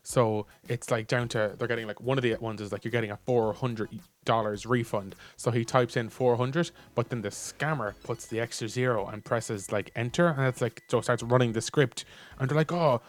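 A young Irish man chatting casually as a podcast co-host, telling a story in a rambling, animated way full of fillers. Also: medium pitch, moderate pace. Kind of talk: casual chat.

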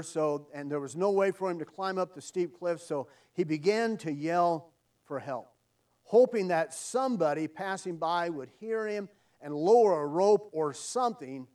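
A man preaching an earnest evening sermon, leaning on emphatic repeated phrases. His voice sits higher than most men's. The mic is set back, so he sounds a little distant. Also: expressive, moderate pace, a little mellow.

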